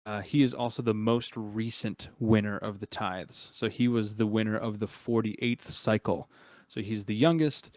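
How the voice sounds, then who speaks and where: A young adult man narrating as game master of a tabletop game, relaxed and chuckling, with frequent filler words. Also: on the low side, moderate pace, no room sound.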